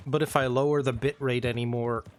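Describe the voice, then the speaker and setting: A man streaming a role-play game, casually recapping events for his viewers in an unhurried way with frequent ums. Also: medium pitch, little pitch movement, a little hiss or hum.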